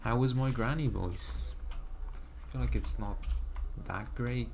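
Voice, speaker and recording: A man streaming a video game, quietly reading menu options aloud and thinking out loud in a casual, mumbled way. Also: mid-range voice, slow, a little hiss or hum. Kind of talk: casual gameplay commentary.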